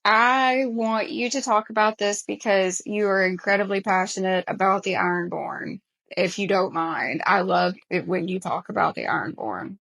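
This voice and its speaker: A woman's voice: medium pitch, fairly even intonation, normal speed, vocal fry, a bit bright, rough recording. A woman with a Southern American accent co-hosting a casual podcast chat, getting emotional as she quotes favorite lines. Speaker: podcast co-host.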